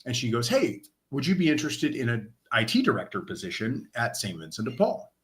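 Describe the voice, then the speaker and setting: A man's voice: medium pitch, brisk. A man from Oregon, a guest in an interview, telling his story casually and acting out quoted dialogue. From Lane County, Oregon. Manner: animated retelling, acts out quoted dialogue. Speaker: interview guest, nonprofit director of operations.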